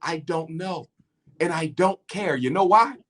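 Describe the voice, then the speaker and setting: A man's voice: fairly high pitch, measured pace, a bit bright. A middle-aged man speaking as an interview guest, impassioned and preacher-like, building his points through rhythmic repetition.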